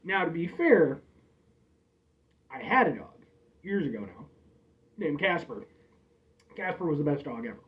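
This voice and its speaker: Chatty man, lively, slightly off-mic. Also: fairly high pitch, measured pace, long pauses, distant mic. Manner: chatty, rambling, calls viewers "folks". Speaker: host reviewing drinks. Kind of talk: casual review vlog. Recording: dull lo-fi audio, a bit off-mic.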